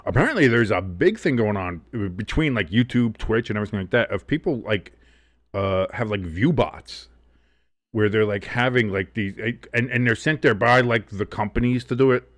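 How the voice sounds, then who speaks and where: A man's voice: lowish voice, expressive, normal speed, fairly bright tone, no echo. Rambling, profane sports show host man. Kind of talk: casual live sports chat.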